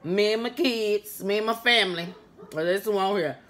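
A young woman chatting loudly and playfully to her viewers while eating a meal on mic. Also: mid-range voice, moderate pace. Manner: chatty, loud and playful, talks to viewers as friends; eats on mic between remarks, with mouth sounds. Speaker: food vlogger. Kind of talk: casual mukbang eating vlog.

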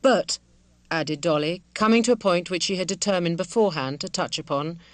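A woman's voice: fairly low pitch, brisk, no room sound. Woman narrating a classic novel. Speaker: audiobook narrator. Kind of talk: scripted narration.

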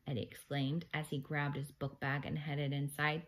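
Lady reading a kids book out loud, lowish voice, lively storytelling. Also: normal speed, few pauses, rough recording. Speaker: reader. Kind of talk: children's book read-aloud.

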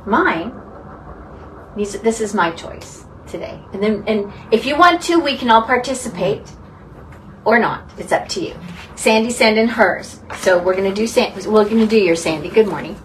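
A woman leads a Bible study group conversationally, speaking earnestly and lingering on individual words. Her medium-pitched voice is expressive and at normal speed, recorded on a distant mic with faint background noise.

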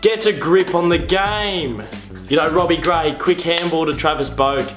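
A young man with an Australian accent, mocking sports fans in a comedic vlog monologue with exasperated, quick-fire delivery. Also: on the high side, roomy sound, over music. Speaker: comedy vlogger.

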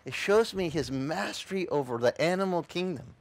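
Guy preaching, high voice swinging all over, acts out little voices. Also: normal speed, vocal fry, no echo. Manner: animated, acts out voices and shouts in quotes. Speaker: pastor. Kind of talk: lively sermon.

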